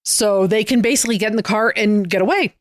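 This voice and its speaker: A co-host of a casual comic book podcast, recapping the story in a relaxed way with many fillers. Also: mid-range voice, fast talker, no room sound, clean studio sound.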